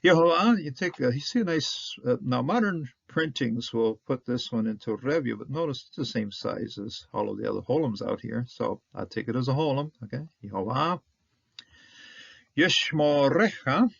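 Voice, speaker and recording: A man teaching a Hebrew Bible reading word by word, halting often with fillers and restarts. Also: medium pitch, animated, creaky, husky, no echo. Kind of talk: Bible language lesson. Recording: dry, dull lo-fi.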